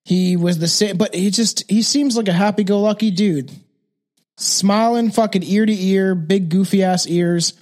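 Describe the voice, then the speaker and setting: This podcast co-host has a high-pitched, slightly mellow voice and talks at a moderate pace. He chats casually and crudely about a true crime case, frequently restarting his sentences.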